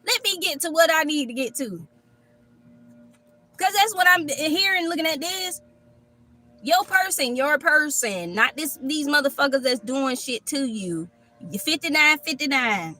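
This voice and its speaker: A woman giving a live tarot reading from a park on her phone, blunt, profane and animated. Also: high-pitched, unhurried, soft background music. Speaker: tarot reader. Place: outdoors at a park.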